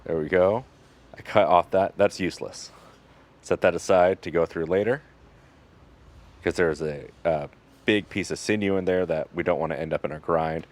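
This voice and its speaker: A man working as a butcher who explains his cuts step by step in a casual, instructional way. He talks in a relaxed, joking manner with fillers. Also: deep voice, moderate pace, pauses often.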